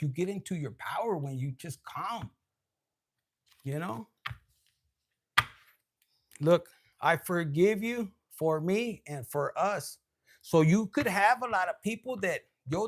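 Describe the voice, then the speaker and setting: A man giving a casual tarot reading, loose and profane, dropping Spanish slang and laughing often. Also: sits high. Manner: laughs often, switches between loud and hushed. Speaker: tarot reader.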